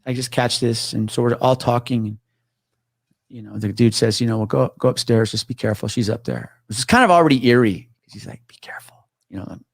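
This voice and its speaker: A man's voice: medium pitch, brisk, vocal fry, no room sound, studio quality. Casual man spinning a gritty story. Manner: swears freely, acts out quoted voices. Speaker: guest telling a story.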